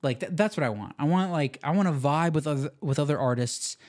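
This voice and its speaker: A young man hosting a podcast, talking in an excitable, slangy way full of "like" and "dude". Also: on the high side, a little fast. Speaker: podcast host. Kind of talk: casual podcast commentary.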